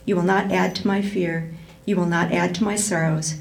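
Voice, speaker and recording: A woman reading aloud as a traumatized mother who speaks with fear, then in an even, commanding tone. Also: lowish voice, moderate pace, vocal fry, a little hiss or hum. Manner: fearful then firmly commanding. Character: frail bedridden mother, traumatized and fearful.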